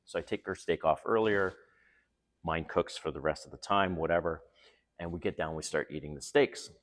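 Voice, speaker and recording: A man's voice: low-pitched, normal speed, fairly bright tone. A middle-aged man hosting a casual dating-advice vlog, telling stories in a chatty way and chuckling often.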